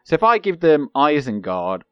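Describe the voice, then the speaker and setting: A man's voice: a little high, sing-song, normal speed, clean tone, no echo, muffled recording. A young man giving rambling, chatty commentary while playing a strategy game, laughing now and then. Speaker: gaming channel host. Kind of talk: let's play commentary.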